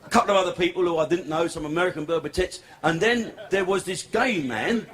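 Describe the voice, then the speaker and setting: A man's voice: sits high, fast talker, a bit bright. A man doing a crude, swearing stand-up comedy set in a club. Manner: crude, swearing, brash storytelling. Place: comedy club stage before a laughing audience. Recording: live club recording, crowd and noise.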